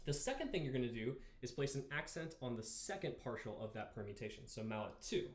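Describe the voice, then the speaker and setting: A young man teaching marimba, talking through exercises in a relaxed way and counting beats aloud. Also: mid-range voice, fast, heavy background noise. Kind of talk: instructional music lesson. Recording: roomy practice space with marimba. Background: marimba playing.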